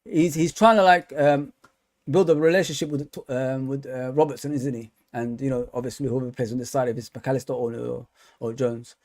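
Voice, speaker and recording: A man's voice: mid-range voice, flat delivery, brisk, darkish tone. A man hosting a live football review stream for his fan channel. He talks casually and chattily, with lots of fillers and repeated words.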